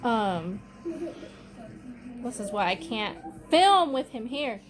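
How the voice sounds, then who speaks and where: A woman's voice: on the high side, sing-song, takes it slowly, music in the background. A young woman telling a story to camera at home in a casual, profane, chatty way, breaking off now and then to scold someone nearby. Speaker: vlogger.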